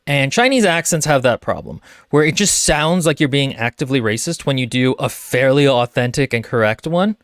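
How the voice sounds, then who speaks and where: A man's voice: mid-range voice, animated, fairly quick, few pauses, no room sound, clean studio sound. A man co-hosting a book podcast in casual chat, wry and joking, rambling with fillers. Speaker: podcast co-host.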